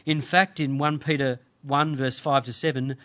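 A man preaching a sermon, reading scripture in measured, earnest phrases with deliberate pauses. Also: mid-range voice, fairly even intonation, fairly bright tone. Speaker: pastor.

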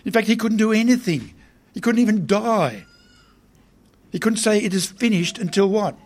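A man's voice: high-pitched, lively intonation, normal speed, darkish tone. A man preaching a sermon in a conversational way, often putting questions to his listeners.

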